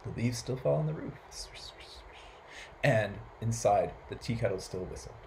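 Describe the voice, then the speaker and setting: A man's voice: mid-range voice, a little fast, vocal fry. Playful man reading a kids' story. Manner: animated, playful, with animal and noise sound effects. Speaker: library storyteller. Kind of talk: children's story read aloud.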